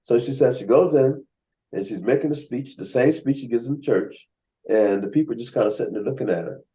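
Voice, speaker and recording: A man with a medium-pitched voice runs a writers' workshop on a video call, speaking briskly as he tells casual stories. He's an animated storyteller who acts out the voices of those he quotes. The audio is poor.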